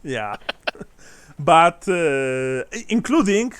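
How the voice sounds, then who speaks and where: A man runs a tabletop role-playing game as game master, his voice clear and smooth. He narrates loosely, with restarts, laughs and the odd swear. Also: fairly high pitch, sing-song, a bit bright, dry recording. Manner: halting, laughing, swears casually.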